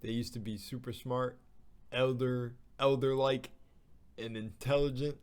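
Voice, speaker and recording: A man's voice: medium pitch, steady tone, measured pace, a little mellow, clear, resonant tone. A man hosting a reaction video and dropping enthusiastic, chuckling asides. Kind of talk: casual reaction commentary.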